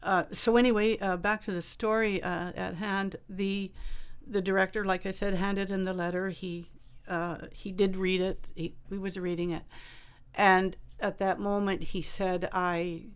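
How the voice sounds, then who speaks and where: A woman author telling a personal story in a radio interview, halting and full of fillers and restarts. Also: medium pitch, flat delivery, smooth. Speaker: author and guest.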